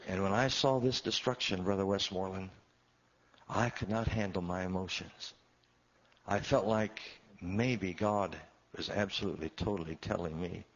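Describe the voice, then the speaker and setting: A man's voice: sits low, normal speed, muffled recording. A man preaching, a pastor giving an emotional testimony in a sermon, his voice swelling and dropping as he tells it.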